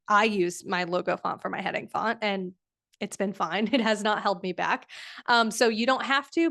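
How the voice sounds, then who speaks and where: A woman's voice: medium pitch, fairly bright tone, dry recording, clean studio sound. A woman teaching a live online design workshop, casual and chatty with lots of fillers like "um" and "like".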